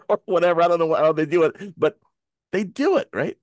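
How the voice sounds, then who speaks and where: A man's voice: sits high, sing-song, moderate pace, no room sound, clean studio sound. A man hosting a casual talk show discussion, telling stories animatedly and acting out the voices he quotes, heard over a video call.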